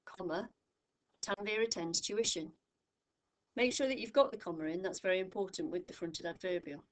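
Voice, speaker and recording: A woman tutor from the United Kingdom walks through a grammar lesson in a slightly low voice. She speaks clearly and patiently, leaning on each example phrase so learners catch it. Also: moderate pace. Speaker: English tutor.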